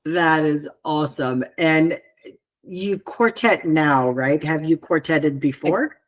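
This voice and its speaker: A woman's voice: low voice, takes it slowly. Upbeat woman podcast host. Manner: upbeat, encouraging. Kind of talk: podcast interview.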